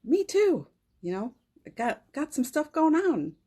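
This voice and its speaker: Eine Frau mittleren Alters, die als Gastgeberin einer täglichen spirituellen Live-Sitzung gefühlvoll erzählt, oft den Tränen nahe und mit leisem Lachen. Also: female voice, high-pitched, big pitch swings, measured pace. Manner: emotional, often tearful, laughs softly between phrases. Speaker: host of a daily live spiritual session. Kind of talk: heartfelt spiritual storytelling. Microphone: phone livestream.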